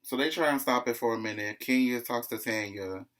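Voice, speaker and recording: A man's voice: mid-range voice, fairly quick, a bit bright. A man casually recapping a reality TV episode in a chatty, gossipy way, often calling the listener "child".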